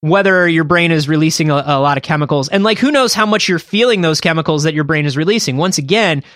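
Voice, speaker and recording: A man co-hosting a podcast, chatting casually and thinking out loud with hedges and fillers. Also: on the high side, fast talker, no echo, studio quality. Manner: thinks aloud, hedging with fillers. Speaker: podcast co-host. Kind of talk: casual chat.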